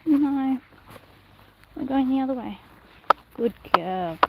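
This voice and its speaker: Woman, slow unhurried speech, soft coaxing praise, casual livestream, noisy outdoor phone audio. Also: high-pitched, animated, phone-quality sound. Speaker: horse owner livestreaming. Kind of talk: casual livestream chat while training a pony. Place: outdoors in a paddock. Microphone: phone camera held in one hand.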